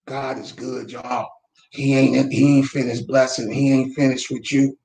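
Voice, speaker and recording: A man running his company's weekly motivational talk from home, speaking fervently like a preacher and breaking into shouts. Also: mid-range voice, flat delivery, a little slow, vocal fry, roomy sound. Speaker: real estate company owner, host. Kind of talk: live faith-based motivational talk. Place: room at home. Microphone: camera mic.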